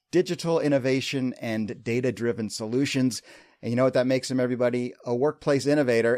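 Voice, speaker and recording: A man's voice: medium pitch, darkish tone. A man hosting a podcast, introducing and chatting with a guest in an enthusiastic, joking way. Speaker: podcast host. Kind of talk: casual interview chat. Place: remote video call.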